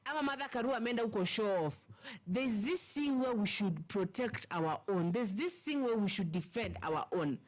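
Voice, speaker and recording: This Kenyan speaker chats about politics in a casual way. They agree often and add their own points. Their voice sits at an ordinary middle pitch. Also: lively intonation, moderate pace. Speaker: co-commentator.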